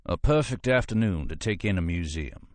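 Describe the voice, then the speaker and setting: A man voicing a cultured, courteous male FBI agent with a soft voice and a formal, unhurried way of speaking. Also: low voice, expressive, no echo. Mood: poised.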